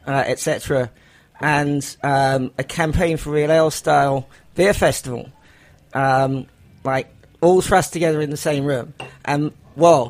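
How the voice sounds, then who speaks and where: An English man talking as a radio guest about the festival he co-founded, halting with frequent ums and restarts. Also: a little high. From England. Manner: hesitant, many ums and restarts. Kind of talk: casual radio chat.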